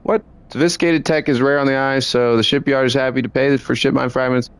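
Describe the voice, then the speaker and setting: A young man giving casual, excitable let's play commentary, swearing freely as he plays. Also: mid-range voice, brisk, clear, resonant tone, no room sound. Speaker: gamer.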